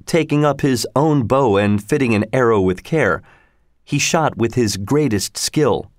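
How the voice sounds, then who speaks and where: A man reading a storybook aloud in a measured, expressive way. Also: mid-range voice, no room sound, clean studio sound. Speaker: narrator.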